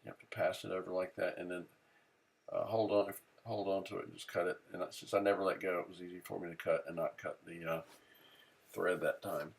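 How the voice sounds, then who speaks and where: A man casually explaining fly tying step by step, relaxed and unhurried, often pausing on "uh" as he works. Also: deep voice, vocal fry. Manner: relaxed, many "uh" fillers, thinking aloud while working. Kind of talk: casual how-to narration.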